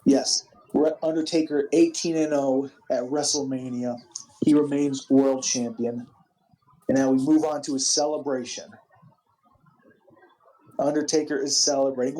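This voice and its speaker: A man narrating a wrestling simulation game with an excited play-by-play recap, animated and full of restarts. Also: mid-range voice, poor audio. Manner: animated, quick, with frequent restarts.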